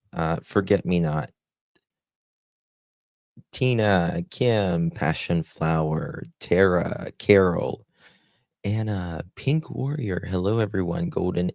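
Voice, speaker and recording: A man hosting a live stream, slowly greeting viewers by name with endearments like honey and my dear, heartfelt and gentle. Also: deep voice, creaky, no room sound. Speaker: livestream host.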